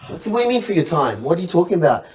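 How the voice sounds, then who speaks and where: A man from Egypt telling a comic story on a panel, animated, acting out the people in it and laughing through his lines. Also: fairly high pitch, rapid-fire, far from the mic, low-quality recording. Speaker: comedian guest.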